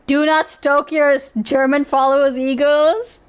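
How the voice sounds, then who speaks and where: A woman's voice: high voice, level tone, unhurried. A young woman streaming, chatting casually as she reacts to clips, laughing often and asking "okay?" a lot.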